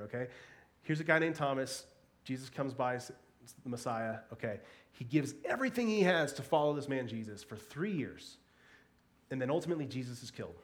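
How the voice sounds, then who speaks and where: A man giving a sermon in a conversational, animated way, with playful asides and frequent repeated words. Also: mid-range voice. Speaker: pastor.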